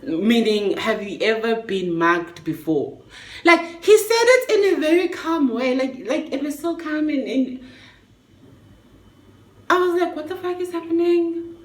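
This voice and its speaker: Young woman spilling a story to camera, high bright voice, swears a lot, echoey room. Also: a little slow. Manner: chatty, expressive storytelling with slang and swearing. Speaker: vlogger. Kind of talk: storytime vlog.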